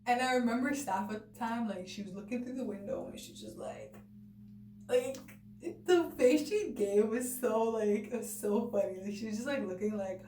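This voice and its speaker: A woman's voice: medium pitch, fairly quick. A young woman telling a personal story to camera in a chatty way, filling her talk with "like" and "you know" and acting out what people said. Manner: chatty, full of "like" and "you know", acts out quotes. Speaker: vlogger. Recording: echoey room, mic at a distance, faint noise.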